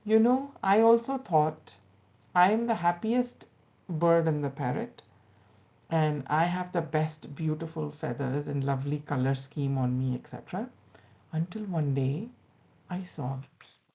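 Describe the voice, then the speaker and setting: A woman's voice: low-pitched, moderate pace, gravelly, dark tone. A woman voicing a once-proud male parrot who earnestly admits his envy. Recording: dull lo-fi recording.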